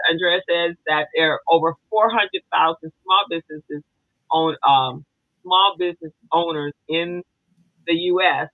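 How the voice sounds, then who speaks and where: A woman's voice: deep voice, no room sound. A woman co-hosting a casual podcast chat, rambling and chatty, with many fillers and restarts. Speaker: co-host. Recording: tinny phone-like dry sound.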